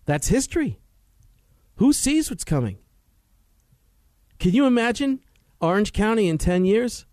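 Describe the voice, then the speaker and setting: High voiced guy preaching on his health show, lots of rhetorical questions, dry close sound. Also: a little mellow, no echo. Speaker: health talk show host. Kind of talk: animated health talk monologue.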